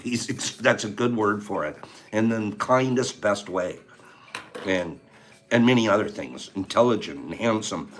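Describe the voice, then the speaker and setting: An older man hosting a casual live stream, opening gifts and telling stories in an animated, warm way, laughing now and then. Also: on the low side. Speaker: host of a live tea-time stream. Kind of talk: casual chat, opening gifts and reading cards.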